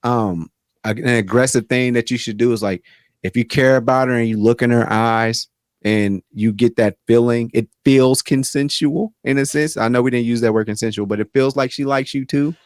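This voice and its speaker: A man co-hosting a podcast in casual chat, rambling and animated with many restarts. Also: mid-range voice, normal speed, no room sound, studio quality. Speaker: podcast co-host.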